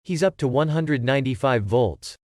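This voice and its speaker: A man's voice: mid-range voice, animated, moderate pace, darkish tone, no room sound, studio quality, natural voice. A man reading the lines of an anxious male test subject who hesitates and pleads in a plain, folksy way. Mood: uneasy, pleading.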